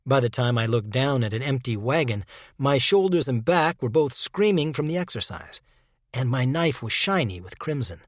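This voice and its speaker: A male narrator reads a first-person audiobook in a measured, even way, with a dark undertone. His voice sits at an ordinary pitch. The recording is close and dry, with no room sound. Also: dry recording.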